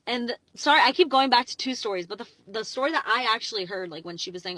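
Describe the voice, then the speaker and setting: A young woman telling a storytime vlog into her phone from her parked car, rambling and excitable, packing her talk with "like". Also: a little high, fast talker, few pauses, no room sound, rough recording. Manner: chatty, rambling, heavy "like" fillers, excitable. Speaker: vlogger.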